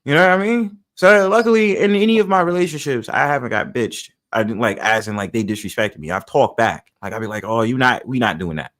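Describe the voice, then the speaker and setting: A man holds forth on a casual livestream. He talks bluntly, gives strong opinions and swears freely, at an ordinary middle pitch. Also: fairly quick, few pauses, fairly bright tone. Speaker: livestream host.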